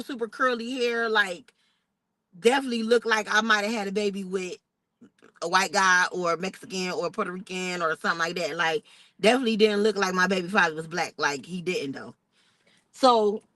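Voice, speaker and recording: A young woman, telling a personal story in a casual vlog, animated and expressive. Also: medium pitch, no room sound, low-quality recording. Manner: animated, expressive retelling with outraged quoted asides. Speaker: vlogger.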